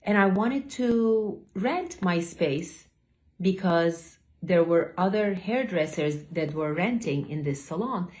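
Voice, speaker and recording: A woman's voice: fairly low pitch, lively intonation, takes it slowly, darkish tone. A middle-aged woman from Turkey, hosting a solo podcast and telling her story in a chatty, rambling way full of tangents and self-corrections. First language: Turkish. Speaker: host, beauty academy owner.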